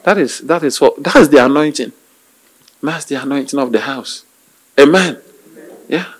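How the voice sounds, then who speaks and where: A male pastor preaching a sermon, calling out hallelujahs and amens, with hesitant restarts and slow, drawn-out emphasis. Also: mid-range voice, poor audio. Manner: call-and-response preaching with frequent hallelujahs.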